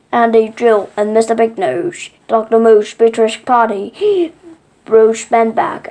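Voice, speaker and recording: A woman reading a children's book aloud, slow and halting, with small slips. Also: on the high side, vocal fry, a little mellow. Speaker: reader.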